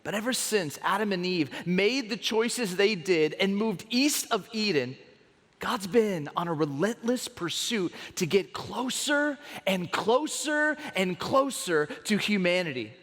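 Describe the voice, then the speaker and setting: A man preaching a sermon as a pastor, telling stories with an animated delivery and dramatic pauses, in a large church auditorium. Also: sits high. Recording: long hall reverb.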